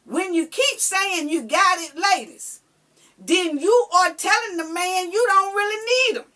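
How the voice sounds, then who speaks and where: A woman talks straight to her viewers about relationships in a loose, unscripted monologue. Her voice sits high and sounds bright and sharp. She is blunt, swears freely, and keeps circling back to her points with plenty of fillers. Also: expressive, a little slow. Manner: blunt, profane and emphatic, talking straight to viewers; colloquial, with many fillers and repeated points. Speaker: relationship advice vlogger. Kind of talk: casual advice monologue.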